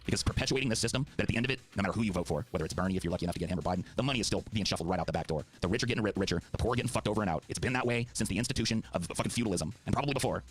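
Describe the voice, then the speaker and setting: A middle-aged man pleads his case in an impassioned debate, cursing freely and pressing every point. His voice sits low, and the words tumble out at a breakneck pace. Faint music runs underneath. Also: rapid-fire, hardly any pauses. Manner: fiery, profane, heartfelt. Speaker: political debater.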